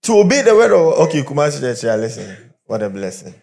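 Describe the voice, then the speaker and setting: A male pastor, preaching to his congregation in an animated way. He tells stories and drops pidgin asides. His voice sits at a mid pitch. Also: fast talker, gravelly. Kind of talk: sermon. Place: church with live and online congregation.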